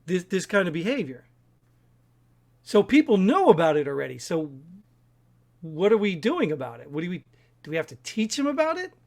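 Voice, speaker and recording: A man co-hosting a casual discussion podcast, argumentative and talking in rapid bursts, often clearing his throat. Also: high voice, sing-song, a little mellow. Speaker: podcast co-host.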